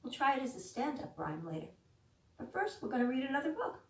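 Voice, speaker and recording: A woman librarian leading a children's storytime, reading a picture book aloud with animated questions to the young listeners. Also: high-pitched, fast talker, a little hiss or hum. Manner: animated, questions to the children, gasps and sing-song.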